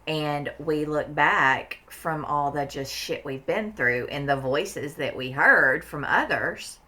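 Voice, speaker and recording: A woman's voice: sits low, takes it slowly, pushed and bright. A woman talking in a casual podcast conversation, blunt and emphatic, swearing freely and repeating words for stress. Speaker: therapist guest.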